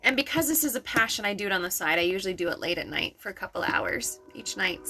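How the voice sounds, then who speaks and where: A woman doing intuitive readings for viewers on a live stream, in an affirming, chatty way with soft laughs. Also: on the high side. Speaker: intuitive reader.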